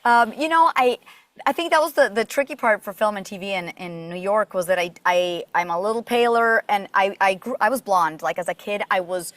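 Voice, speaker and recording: A voice actor who grew up in Puerto Rico chats as a podcast guest in a casual interview, telling animated stories packed with fillers. Her medium-pitched voice is fairly quick, and the recording is dry.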